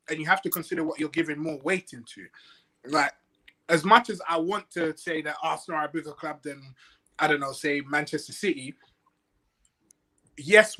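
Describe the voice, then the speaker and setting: A man's voice: fairly high pitch, bright, forceful tone. A man on a football debate panel, blunt and reasoning aloud.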